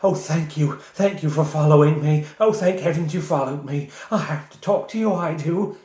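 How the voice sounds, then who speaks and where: A man's voice: on the high side, normal speed, darkish tone, voice pushed up, lightly acted. A man voicing a frightened elderly village woman in a working-class London dialect, anxious and repeating herself. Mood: fearful. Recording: roomy echo.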